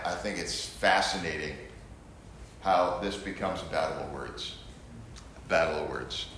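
A man leads a Bible lesson with a lively, swinging pitch and an emphatic delivery, often repeating his key words. His voice rings around a very echoey room. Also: slight background noise. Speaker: Bible teacher.

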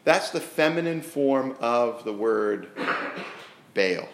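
A man preaching a sermon who acts out the scripture scenes in a lively way and often restarts his sentences. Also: mid-range voice, takes it slowly. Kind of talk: sermon with animated storytelling. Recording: roomy echo.

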